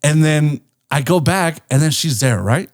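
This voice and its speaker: A young man hosting a podcast, telling a casual story in an animated way, cursing freely and acting out the people in it. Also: fairly high pitch, unhurried. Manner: animated and profane, acts out the people in his story.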